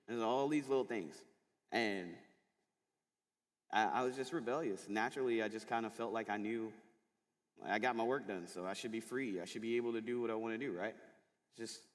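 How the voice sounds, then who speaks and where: Man, low voice, relaxed sermon to students, chatty with lots of fillers, long hall echo. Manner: casual, chatty storytelling with many fillers. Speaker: school chapel speaker. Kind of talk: sermon to middle school students. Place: large school chapel hall.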